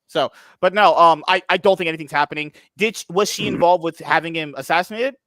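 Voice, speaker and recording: Pria bersuara tinggi dan terang. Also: male voice, fairly high pitch, fast, bright, forceful tone, dry recording. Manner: provocative, joking. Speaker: podcast co-host. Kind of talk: casual banter.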